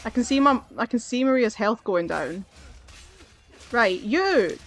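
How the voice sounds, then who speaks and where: A woman's voice: on the high side, animated, measured pace. Chatty, sweary woman gamer. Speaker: gaming channel host. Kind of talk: casual gameplay commentary. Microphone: desk mic, a bit far from her face.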